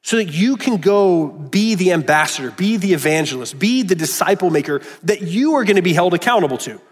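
A man's voice: high voice, lively intonation, fairly quick, slightly rough, soft background music. A man preaching a sermon as pastor, earnest, with frequent restarts and acted-out quotes. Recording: long reverb of a large hall.

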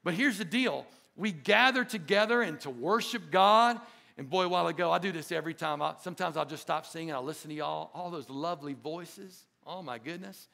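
A man with a high, gravelly voice preaches a sermon, and his tone stays bright and sharp. He leads the room in call-and-response and swells to emphatic, ringing peaks. A lilt colors his words. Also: brisk. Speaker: pastor.

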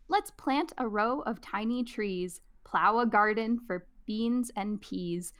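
A woman voicing a stern, bossy female elephant in a storybook reading, loud and commanding. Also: medium pitch, slow.

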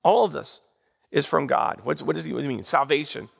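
Gravelly-voiced man preaching a lively sermon. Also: on the high side, a little fast. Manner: animated, call-and-response with congregation. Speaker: pastor. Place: church sanctuary.

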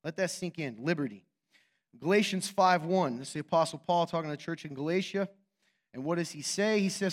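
A male pastor preaching a sermon in an animated, joking way, teasing his congregation and asking rhetorical questions. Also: a little high. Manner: quick, emphatic, asks rhetorical questions.

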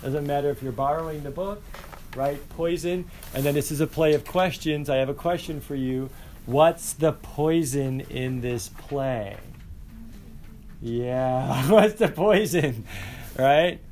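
A male teacher lecturing a class in an energetic, conversational way, asking the students questions. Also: mid-range voice, measured pace, a little hiss or hum.

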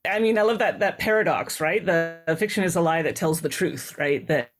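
Woman interview host, low-pitched, reflective, conversational. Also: a little fast, over music. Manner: thoughtful, musing, uses frequent tag questions.

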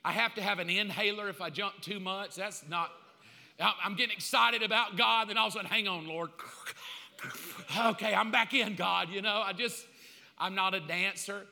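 A man preaching a sermon with comic asides, bursting into loud acted-out calls now and then. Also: high voice, fairly quick, vocal fry. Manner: comic, animated, acts out quotes in loud bursts. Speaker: pastor. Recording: long hall reverb.

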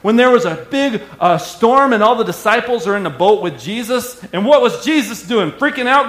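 A male pastor preaching a sermon with energetic call-and-response delivery. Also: very high-pitched, normal speed, hardly any pauses. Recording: echoey hall.

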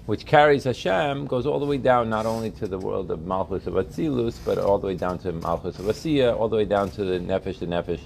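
A man's voice: lowish voice, creaky, a little hiss or hum. Man teaching, quizzing his students. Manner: questions students often, checks they follow. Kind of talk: interactive religious text class. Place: classroom with students.

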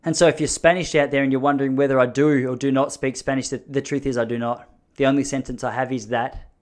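A man's voice: mid-range voice, steady tone, fast talker. An Australian man from Melbourne giving a rambling, self-mocking comedic monologue, blunt and sprinkled with swearing.

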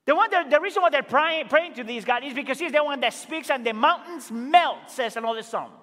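A man preaching a sermon as pastor, earnest and emphatic, rising to loud exclamations and dropping to quiet asides. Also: very high-pitched, lively intonation, fairly quick. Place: church sanctuary. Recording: reverberant church hall.

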